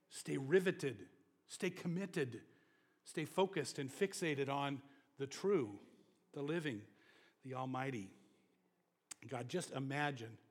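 Male pastor, high voice, slow deliberate delivery, animated, swings from quiet to shouting. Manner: animated storyteller, chuckles, shouts for emphasis. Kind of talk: sermon.

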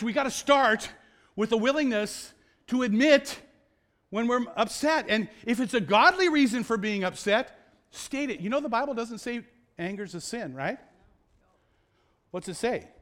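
A male pastor preaching a sermon in a conversational way, asking rhetorical questions and slowing down to stress key words. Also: extremely high pitch, a bit bright.

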